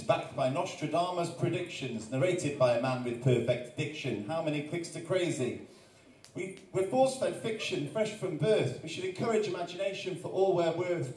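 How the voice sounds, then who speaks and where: A man from Wales performs rhyming poems live at an arts-centre gallery night, his fairly high voice punching out the rhythm and breaking into relaxed, joking patter between pieces. He stands back from the microphone, so the sound is distant and bounces around an echoey room. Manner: rhythmic rhyming recital broken by jokey chatty asides. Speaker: performance poet. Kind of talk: live spoken-word performance.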